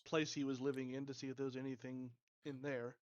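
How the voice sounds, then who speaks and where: A man's voice: mid-range voice, level tone, fast. A man playing in an online tabletop game, speaking in a matter-of-fact way. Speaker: player. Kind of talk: casual chat during an online game. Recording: dull muffled mic.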